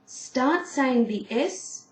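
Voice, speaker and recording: A woman's voice: sits high, lively intonation, drawn-out words. A woman giving a singing lesson on camera, explaining breathing patiently and showing the sounds herself. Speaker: singing teacher. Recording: echoey room with faint noise.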